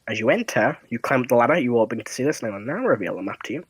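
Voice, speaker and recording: A man's voice: medium pitch, lively intonation, rapid-fire, slightly rough, no echo. Male dungeon master, casual, loose narration, fillers, dry close sound. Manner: casual, laughing, describes scenes with fillers. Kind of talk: narrating a tabletop game.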